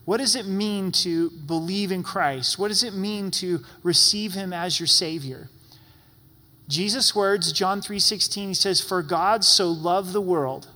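A man's voice: sits high, unhurried, sharp tone, big-room sound. A man preaching a sermon as pastor in a church sanctuary, talking in an earnest, pleading, conversational way.

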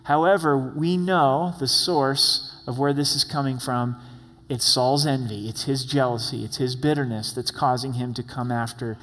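A man's voice: mid-range voice, fairly even intonation, moderate pace, fairly bright tone. Casual, conversational preacher man. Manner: casual, conversational, with asides and repeated words. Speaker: pastor. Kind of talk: expository sermon. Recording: long hall reverb.

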